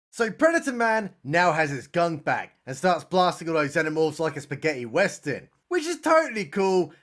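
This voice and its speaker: A man's voice: high voice, fairly bright tone. A man giving a sarcastic, comedic recap of a film, full of mocking exaggerated outbursts. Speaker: movie reviewer.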